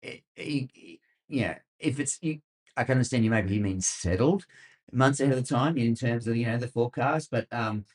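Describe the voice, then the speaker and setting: A middle-aged Australian man hosts a weather podcast, his voice medium-pitched, a little mellow, and paced moderately. His casual commentary rambles along, sarcastic and packed with fillers.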